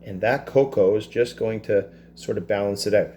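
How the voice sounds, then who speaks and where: A man teaching a cooking class, talking through a dessert step by step in a relaxed, chatty way with self-deprecating asides. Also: on the low side, moderate pace, slight background noise. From Canada. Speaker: culinary teacher. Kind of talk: cooking demonstration. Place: school kitchen.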